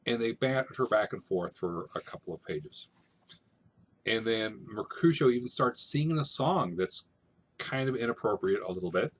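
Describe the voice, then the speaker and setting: A man teaching over slides, explaining a scene in relaxed, conversational everyday language. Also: lowish voice, normal speed, slightly rough. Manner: relaxed, conversational, paraphrasing in plain modern speech. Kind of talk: casual classroom explanation.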